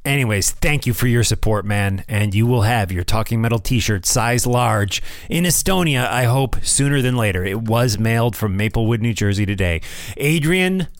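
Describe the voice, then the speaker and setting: A man's voice: on the low side, normal speed, few pauses, no echo, studio quality. A middle-aged man from the United States hosting his own podcast, talking in a rambling, casual way with restarts, recorded at home. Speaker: podcast host. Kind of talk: casual solo podcast chat. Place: home room. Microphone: phone.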